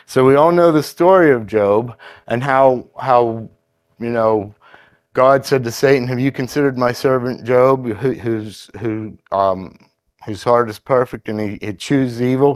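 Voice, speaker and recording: A man preaching a sermon in a conversational, halting way, with fillers and restarts, who reads scripture aloud in a steadier cadence. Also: medium pitch, no room sound.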